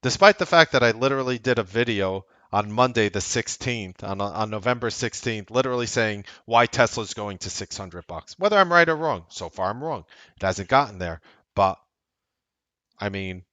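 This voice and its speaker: A man hosting a trading livestream, talking bluntly and sarcastically, swinging from loud outbursts to low asides. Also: lively intonation, moderate pace, dry recording. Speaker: trading coach and livestream host. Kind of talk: unscripted livestream commentary.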